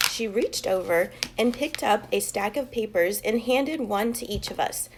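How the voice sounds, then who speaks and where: A woman teacher reading a children's chapter book aloud with expressive, lively storytelling. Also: mid-range voice, unhurried, noisy background.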